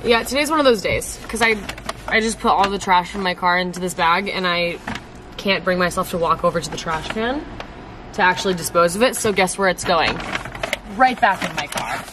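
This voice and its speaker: In a casual vlog recorded at home and in her car, a young woman talks briskly in a lowish voice. She rambles, mocks herself, laughs a lot and swears freely, with an echoey room and faint ambient noise in the background.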